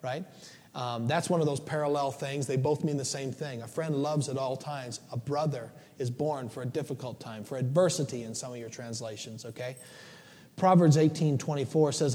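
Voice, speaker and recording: Joking middle-aged preacher, church reverb. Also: male voice, medium pitch, fairly quick, mellow. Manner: conversational, joking, often asks "right?". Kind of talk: sermon.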